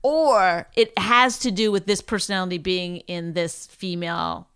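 A woman's voice: lowish voice, moderate pace, fairly bright tone, smooth. A woman stand-up comedian chatting casually, telling a rambling story full of restarts and quoted voices. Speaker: stand-up comedian, podcast co-host. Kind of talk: casual chat.

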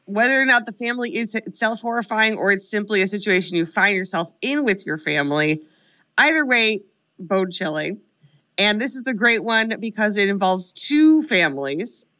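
A woman co-hosting a podcast in casual chat, cracking wry, deadpan jokes. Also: mid-range voice, moderate pace. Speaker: podcast co-host.

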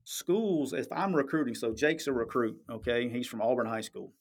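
A man's voice: mid-range voice, lively intonation, normal speed. A man hosting a podcast, talking sports in a blunt, emphatic, profane way and often checking "okay?". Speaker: podcast host. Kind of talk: casual sports talk.

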